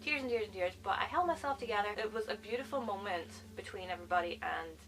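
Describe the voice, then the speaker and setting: A woman's voice: medium pitch, fast talker, far from the mic, noisy background. A woman chatting enthusiastically in a casual movie review vlog, full of fillers like "like.". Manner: gushing, chatty, lots of "like".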